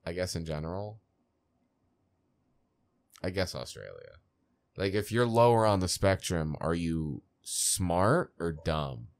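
A young man co-hosting a podcast, rambling in halting, casual phrasing. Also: deep voice, lively intonation. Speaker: podcast co-host. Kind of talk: casual chat.

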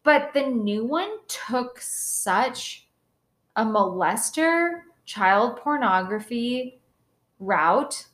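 A young adult woman co-hosting a podcast in casual, animated chat, swearing freely and saying "like" a lot. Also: on the high side, very slow. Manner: chatty, animated, swears, lots of "like". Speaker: podcast co-host.

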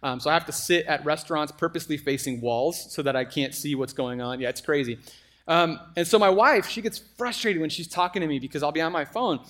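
Animated man preaching in a slightly higher voice. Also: a little fast. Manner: conversational, animated preaching with asides to the congregation. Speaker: pastor. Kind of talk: sermon.

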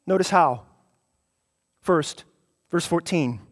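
A man's voice: on the high side, slow. A man preaching a sermon, emphatic, repeating phrases for stress and building to passionate peaks. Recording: long hall reverb.

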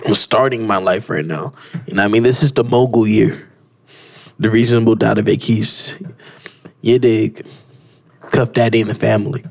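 A man's voice: lowish voice, fairly even intonation, moderate pace, vocal fry, pauses often, a little mellow. A man in his twenties co-hosting a podcast, joking and teasing in casual chat and laughing often. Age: 20s. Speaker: podcast co-host.

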